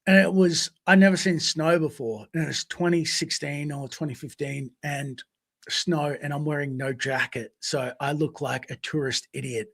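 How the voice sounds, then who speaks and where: A man co-hosting a podcast, telling stories casually in an animated way, swearing freely and acting out voices. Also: a little high, normal speed, vocal fry. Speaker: podcast co-host. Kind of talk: casual storytelling.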